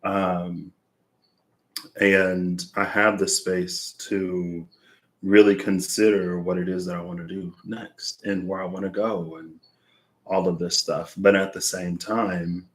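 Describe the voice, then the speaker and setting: Here a tarot reader takes his time, speaking in a low-pitched voice with a level tone. Breathless, he wanders and searches aloud through the reading, using lots of fillers in a casual, reflective monologue.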